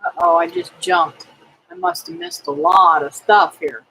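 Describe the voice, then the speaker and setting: A middle-aged woman hosting a casual livestream, praying aloud and chatting with viewers in a slow, homely way. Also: sits high, very animated, creaky, bright, forceful tone, low-quality recording. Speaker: homestead livestream host. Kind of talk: casual livestream chat reading comments.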